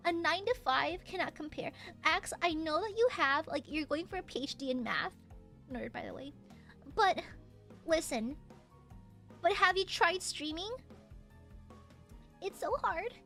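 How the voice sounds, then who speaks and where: Very high, lively, bright-voiced woman streamer. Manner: melodramatic mock suffering, yelling and swearing at chat. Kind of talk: casual livestream chat reading donations.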